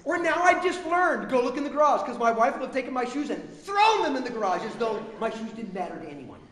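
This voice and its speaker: High-voiced pastor in an echoey hall. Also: male voice, quick pace, a crowd in the background. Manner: self-mocking, animated storyteller. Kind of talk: humorous sermon. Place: large church hall. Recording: echoey church hall, long reverb.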